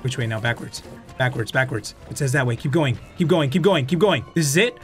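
A man's voice: mid-range voice, animated, fairly quick, fairly bright tone, soft background music. A man with a Mexican accent doing let's-play commentary, swearing and screaming in panic. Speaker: gaming YouTuber.

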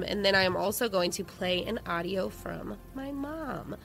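Her voice is medium in pitch with a sharp tone. As a podcast co-host, she chats casually and reads out messages from listeners, quick to laugh, giggly, and emotional.

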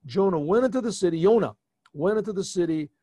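A man, a rabbi, retelling a scripture story to his class in an animated way, often restarting and adding asides. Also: high voice, fast, no echo, studio quality. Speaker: rabbi teaching a yeshiva class. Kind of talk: informal storytelling lesson.

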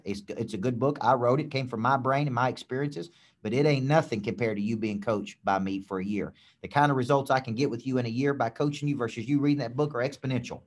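Emphatic man coaching on sales. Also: medium pitch. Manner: emphatic, repetitive, asks "okay?" often. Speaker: business coach. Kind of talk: coaching session talk.

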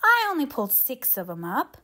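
A woman voicing an eager, excitable little boy who loves mud. She gives him a chatty, boastful delivery in a higher boyish pitch. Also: fairly quick, full character voice.

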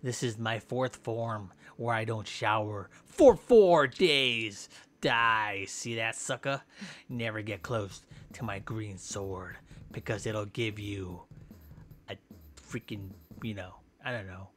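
A man's voice: fairly low pitch, slow, fairly bright tone. A man giving casual gameplay commentary with playful, goofy mock trash talk.

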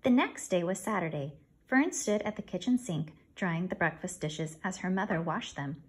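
A woman's voice: fairly low pitch, expressive, normal speed, slightly rough. A woman reading a children's chapter book aloud, voicing the dialogue of a mother and a young girl. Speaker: narrator. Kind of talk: audiobook reading.

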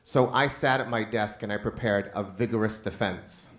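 A man's voice: lowish voice, normal speed. A man who is a teacher tells a wry, self-mocking personal story live on stage.

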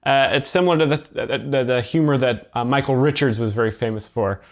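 A man speaks in a slow, hesitant way, stopping and restarting as he explains each joke. His delivery is deadpan and literal-minded, with the pitch of an ordinary male voice. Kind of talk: deadpan commentary.

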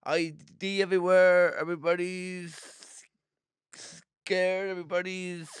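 A man's voice: high voice, flat delivery, unhurried, clean tone, no room sound. A Canadian man, a comedy podcast guest, giving short, dry, joking answers in a studio. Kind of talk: casual comedy podcast chat.

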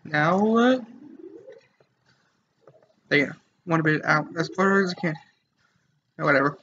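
A man's voice: fairly high pitch, takes it slowly, long pauses, sharp tone, lo-fi sound, a little hiss or hum. A young man rambling and joking to viewers while playing a game. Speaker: gamer. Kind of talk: casual let's play commentary.

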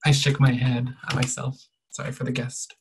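A young adult author quietly reading an excerpt from their own novel, measured and soft, often trailing off at the ends of sentences. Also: mid-range voice, completely flat delivery, background noise.

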